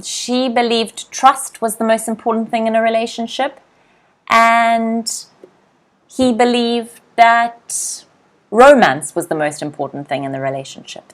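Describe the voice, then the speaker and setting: Woman, Australian accent, young adult, English teacher, livestream lesson, unhurried word drills, slightly high voice. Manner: slow, drilled word repetition; greets viewers by name. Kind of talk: live online vocabulary lesson.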